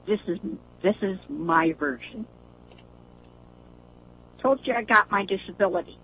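An older woman calls in over a tinny, narrow phone line with a faint hiss behind her. She chats in a mid-pitched voice and keeps breaking into laughter. Her talk is loose and friendly. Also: takes it slowly, long pauses. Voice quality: laughs often while talking. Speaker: caller. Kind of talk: casual phone chat.

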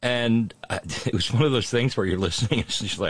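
A man's voice: on the low side, expressive, husky, dry recording. A man telling a story in a rambling, sardonic monologue, full of restarts and fillers. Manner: halting, many restarts and fillers.

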